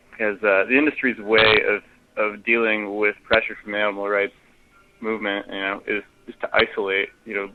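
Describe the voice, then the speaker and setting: A man leaving a casual, profane voicemail rant, full of fillers and restarts, heard over a phone line. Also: fairly low pitch. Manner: profane, hesitant with many fillers. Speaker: voicemail caller. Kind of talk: casual ranting phone message.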